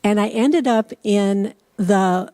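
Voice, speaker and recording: A woman's voice: medium pitch, slow pace, dry recording. A woman who leads meditation at a church, telling a chatty personal story with touches of humor. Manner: chatty, animated storyteller with self-deprecating humor. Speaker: meditation leader. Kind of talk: personal story told from the pulpit. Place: church service.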